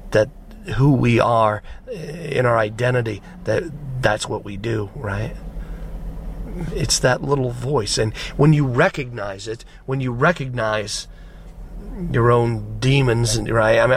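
A man's voice: mid-range voice, a little hiss or hum. A man preaching a conversational sermon, often checking in with his listeners.

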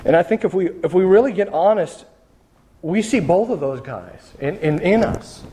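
A man's voice: high voice, expressive, moderate pace, mellow, a little hiss or hum. A man preaching a sermon in a loose, conversational storytelling way, often restarting his sentences. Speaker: pastor.

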